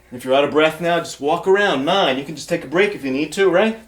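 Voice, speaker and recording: A man's voice: on the high side, normal speed, fairly bright tone, a little hiss or hum. A male fitness trainer demonstrating exercises, encouraging beginners and counting reps aloud while getting out of breath.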